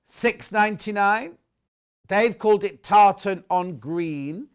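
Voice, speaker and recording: A man's voice: high-pitched, slow, clean tone. A man presenting fabrics on a live shopping channel, chatting and joking casually and reading out viewer messages. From United Kingdom. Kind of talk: casual live sales chat.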